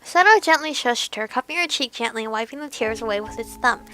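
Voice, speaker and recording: High, bright-voiced gushing game host. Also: female voice, expressive, quick pace. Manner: gushing, giggly, emotional reactions. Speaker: let's play host. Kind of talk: reading a visual novel aloud with reactions.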